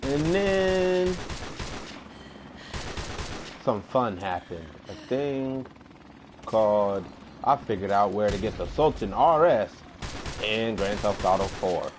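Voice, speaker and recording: A man's voice: lowish voice, sing-song, slow, pauses often. A man streaming a game, talking loosely in long rambling rants. He swears freely and gets worked up over small things. Faint gunfire crackles in the background. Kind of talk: casual gaming chat.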